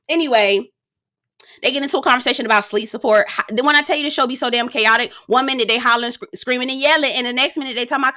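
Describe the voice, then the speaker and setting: A woman's voice: a little high, animated, fast talker, sharp tone. A young woman casually recapping a reality show, sassy and profane, with dramatic asides.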